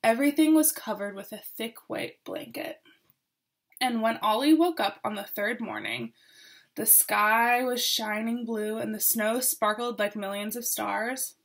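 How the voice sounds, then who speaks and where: A woman reading a picture book aloud to children, expressive and with asides to her listeners. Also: on the high side, measured pace. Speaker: storyteller.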